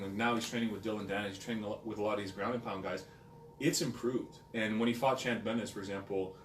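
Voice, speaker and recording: Low-pitched fast talker, animated podcast guest, distant roomy mic. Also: male voice, a little hiss or hum. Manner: rapid, animated opinions. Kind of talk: casual podcast chat. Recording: roomy room, distant mic, faint ambience.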